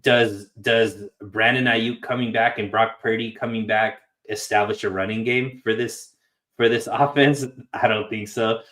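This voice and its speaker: A man with a lowish voice chats casually about football over a video call. He rambles as he thinks aloud, stacking up fillers and restarts. The tone is relaxed and friendly. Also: unhurried. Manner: loose, rambling, lots of fillers. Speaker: podcast co-host. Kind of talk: casual sports chat.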